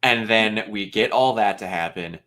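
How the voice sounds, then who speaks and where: Man, host of a review chat: excitable, swears, bright forceful voice. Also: on the low side, moderate pace, slight background noise. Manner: excitable, emotional, swears freely. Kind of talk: casual film review chat.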